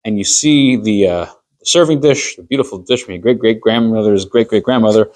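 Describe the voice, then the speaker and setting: A man's voice: lowish voice, fairly quick, a little mellow. A man, a rabbi, teaching an informal class on Jewish law. He talks conversationally, walking through everyday hypothetical stories and acting out little scenes of quoted dialogue.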